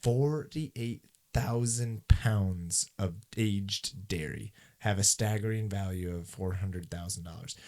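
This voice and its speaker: A man's voice: lowish voice, slow, darkish tone. A man co-hosting a casual podcast, reading news stories aloud with jokes and tripping over long words. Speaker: podcast co-host.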